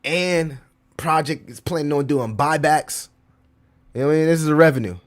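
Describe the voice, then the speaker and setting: A man's voice: a little high, normal speed. A man hosting a crypto livestream, chatting casually, talking slang, swearing and reading out chat comments. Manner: animated, slangy, swears, reads chat aloud.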